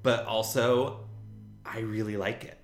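A man's voice: fairly low pitch, unhurried, faint music behind. Chatty man in a roomy recording. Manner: chatty, animated, laughs often. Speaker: podcast co-host. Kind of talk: casual chat.

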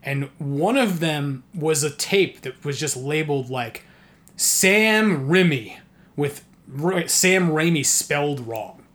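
Laughing, animated storytelling man. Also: fairly high pitch, slow pace. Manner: heavy use of "like" as filler. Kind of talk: casual storytelling chat.

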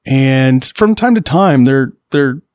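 A man's voice: mid-range voice, expressive, slow, a little mellow, no room sound, clean studio sound. A man in his forties hosting a podcast, telling stories in a chatty, joking way. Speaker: podcast host. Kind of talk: casual conversation, storytelling.

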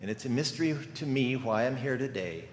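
A man's voice: medium pitch, animated, a little fast, a little hiss or hum. An older man giving a sermon as a guest preacher, telling stories in a conversational way with rhetorical questions. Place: church sanctuary. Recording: echoey church hall with faint ambience.

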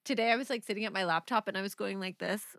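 A woman co-hosting a podcast chats loosely and tells long, rambling stories, often breaking into laughter. Her voice sits at an ordinary middle pitch. The sound is dry and close, with no room echo. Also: fast, a bit bright. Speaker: podcast co-host. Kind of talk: casual chat.

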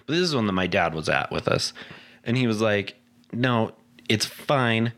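A man's voice: lowish voice, normal speed. A man, co-hosting a casual chat and telling a childhood story with lots of acted-out quotes. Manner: animated storyteller, acts out quoted voices.

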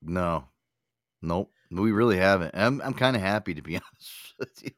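A low-pitched man with a lively, swinging delivery, hosting a talk show in loose, profane chat. He rambles and restarts his sentences. The sound is dry and close on the mic. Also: moderate pace, dry recording. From Connecticut. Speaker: radio show host. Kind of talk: casual chat.

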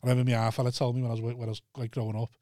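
A man in casual chat, quick to agree and chime in. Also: mid-range voice, flat delivery, warm tone.

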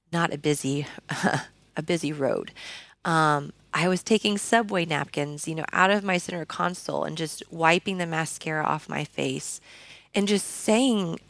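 Earnest low-voiced woman, gravelly edge. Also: dry recording. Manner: earnest, frequent fillers and restarts. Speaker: podcast guest. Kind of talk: personal testimony in a conversation.

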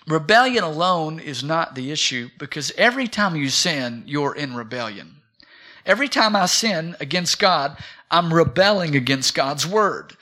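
Man, pastor, sermon, bright tone, loud to soft swings. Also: on the high side, animated, normal speed. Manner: rousing, calls for amens, swings between loud and soft. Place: church sanctuary.

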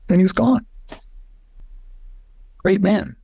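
An older man, a podcast guest, telling a heartfelt personal story in an earnest way, his voice climbing high when he is moved. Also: steady tone, unhurried, creaky, husky, no room sound.

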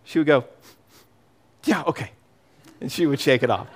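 A middle-aged man preaching a sermon as pastor, emphatic and animated, often repeating words as he goes. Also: medium pitch, quick pace.

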